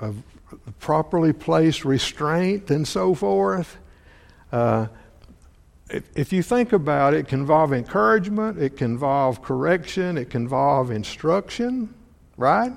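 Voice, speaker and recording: A man preaching a sermon, halting and repeating words often, asking his listeners questions. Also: fairly high pitch, gravelly. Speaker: preacher or Bible teacher. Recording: long hall reverb.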